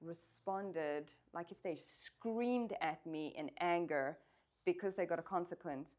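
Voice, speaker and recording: A woman's voice: on the low side, unhurried, a little mellow. A woman co-hosting a parenting discussion, speaking in a frank, matter-of-fact way. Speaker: co-host, parent.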